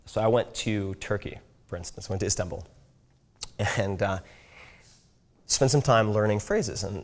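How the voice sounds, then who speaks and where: A man giving a casual talk on learning languages, checking in with "right?" as he goes. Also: on the low side. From United States. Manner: conversational, frequent "right?" check-ins. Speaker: speaker teaching language learning.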